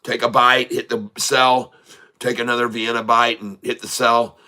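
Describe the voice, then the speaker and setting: Man, livestream host, casual joke-telling, rambling, laughs a lot, very bright tone. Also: medium pitch, flat delivery, moderate pace. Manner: rambling, laughs often, repeats words. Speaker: livestream day trader.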